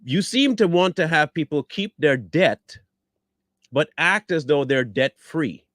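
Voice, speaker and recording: A scornful man delivers commentary with a voice that swoops up and down in pitch. He speaks bluntly, hammers his points with repeated rhetorical questions, and the recording is dry and close. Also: lively intonation, a little slow, a bit bright, no echo. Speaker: online commentator. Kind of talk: combative reaction commentary.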